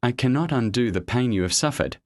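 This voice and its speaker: A man's voice: mid-range voice, animated, fairly quick, no room sound, voice pushed up, natural voice. A man voicing a king in a folktale, speaking in a formal, declaiming way. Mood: humble. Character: grown man, a ruling storybook king.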